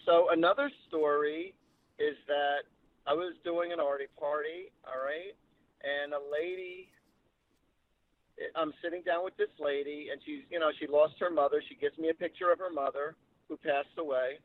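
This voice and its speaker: A man's voice: on the high side, moderate pace, dry recording. A man working as a psychic medium, telling stories in an interview and acting out the people he quotes. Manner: animated anecdotal storytelling, acts out quotes. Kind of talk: storytelling interview. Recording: tinny phone-like line.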